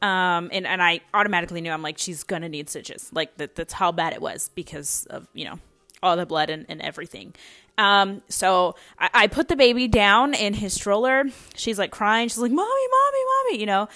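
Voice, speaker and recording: A woman's voice: on the low side, fairly even intonation, moderate pace, sharp tone. A young adult woman hosting a podcast, telling a personal story in a casual, rambling way with many fillers and restarts. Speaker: podcast host.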